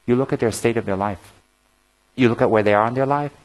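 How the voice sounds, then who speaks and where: A man giving a Buddhist dharma talk, teaching frankly and telling stories with humor and lively acted-out moments. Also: mid-range voice, quick pace, low-quality recording. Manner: animated, humorous storytelling that acts out scenes; frank, plain-spoken teaching with repeated emphasis.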